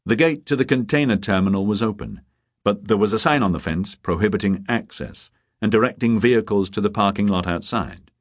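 Male audiobook narrator, low voice, expressive, dry studio sound. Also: fairly quick, dry recording. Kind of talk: scripted narration.

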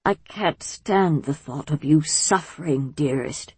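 A woman's voice: low-pitched, wildly swooping pitch, slow, vocal fry, darkish tone, breathy edge, dry recording, heavily acted. A woman voicing a frail, dying old grandmother who whispers and wheezes tenderly.

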